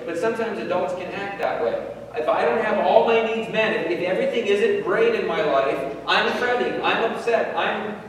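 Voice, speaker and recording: A man's voice: on the high side, slight background noise. A middle-aged man preaching a sermon as pastor, earnest and repeating words for emphasis. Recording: echoey hall, heard from far off.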